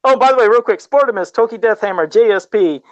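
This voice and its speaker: Excitable man co-host, high voice, rambling podcast chat. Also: quick pace, dry recording, muffled recording. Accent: says he has an accent. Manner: excitable, laughs often, rambling restarts.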